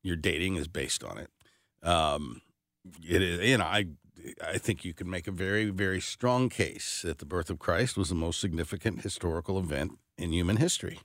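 A man's voice: deep voice, normal speed, a bit bright, no room sound, studio quality. Blunt Midwestern man on talk radio. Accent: Midwestern American. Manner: blunt, folksy and insistent. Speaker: radio co-host. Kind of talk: casual talk radio banter. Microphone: studio broadcast mic.

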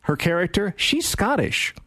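Male podcast co-host, easygoing and offhand, pitch rises and falls widely, dry close-miked sound. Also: sing-song, a little slow, pushed and bright, no echo. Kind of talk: casual podcast banter.

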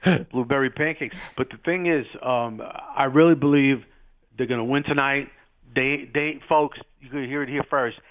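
A middle-aged man with a Philadelphia accent, talking in a rambling, halting way as a fan. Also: mid-range voice, fairly even intonation. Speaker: caller fan. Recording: tinny phone-like audio.

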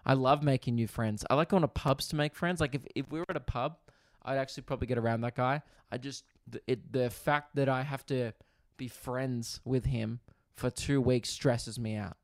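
A man's voice: medium pitch, steady tone, moderate pace, dry recording, studio quality. A young Australian man hosting a comedy podcast, telling crude, profane stories with lots of asides from a hotel room. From Australia, Victoria. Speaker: comedian host.

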